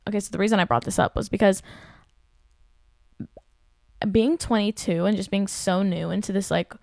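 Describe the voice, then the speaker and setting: Podcast host, woman in her 20s, gravelly fry, dry close sound, casual venting. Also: medium pitch, normal speed, dry recording. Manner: venting, animated, heavy use of "like". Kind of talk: casual storytelling chat.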